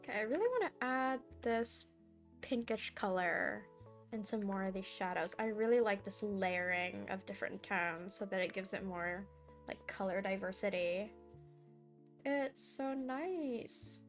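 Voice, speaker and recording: A woman's voice: medium pitch, unhurried. A young woman art streamer chatting casually and giggling while she draws, sometimes cooing baby talk at her cat. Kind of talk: casual chat while drawing. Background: soft background music.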